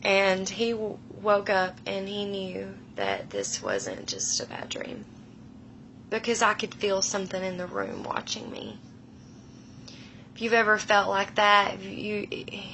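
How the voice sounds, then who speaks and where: A woman in her thirties retelling a frightening personal experience in a slow, emotional, hushed way, often dropping her voice low. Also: a little hiss or hum, low-quality recording. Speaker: storyteller. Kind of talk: personal paranormal story.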